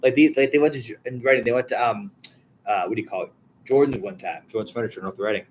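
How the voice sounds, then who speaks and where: A man hosting a casual podcast chat, asking rapid questions with many restarts. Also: mid-range voice, slight background noise, rough recording. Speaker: podcast host.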